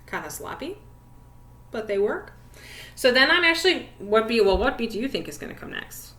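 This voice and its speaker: Bright-voiced woman music teacher. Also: on the high side, big pitch swings, normal speed. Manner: encouraging, talks directly to young students. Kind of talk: online music lesson for children. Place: classroom. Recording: echoey room.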